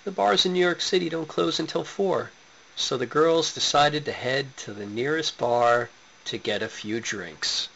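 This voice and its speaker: A man's voice: medium pitch, a little slow, vocal fry, bright, forceful tone, slight background noise. A man reading a short story in a matter-of-fact way. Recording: dull lo-fi recording.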